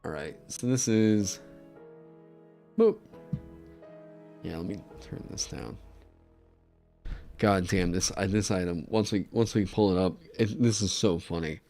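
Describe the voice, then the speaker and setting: A man chatting on a livestream in an excitable way, swearing freely and breaking into laughter. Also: low-pitched, measured pace, long pauses, soft background music. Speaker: streamer designing game content. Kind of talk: casual livestream chat.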